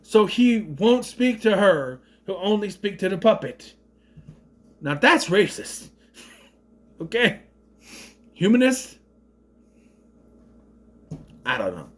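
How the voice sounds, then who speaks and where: A man's voice: high voice, sing-song, takes it slowly, pauses often. A man giving casual, rambling movie commentary, sarcastic and swearing freely. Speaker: movie reviewer.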